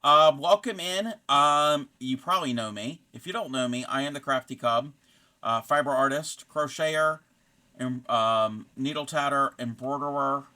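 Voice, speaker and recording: A man chats on his crochet live stream with a bright, forward voice. He rambles through greetings to his viewers and drops puns and references as he goes. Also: mid-range voice, moderate pace. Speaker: crochet streamer and fiber artist. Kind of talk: casual live-stream chat.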